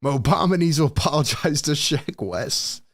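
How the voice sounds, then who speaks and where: A man's voice: a little high, expressive, moderate pace. A young American man hosting a live stream, calling the plays and venting his frustration to the chat in blunt, casual slang. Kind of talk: live play-by-play and reaction stream.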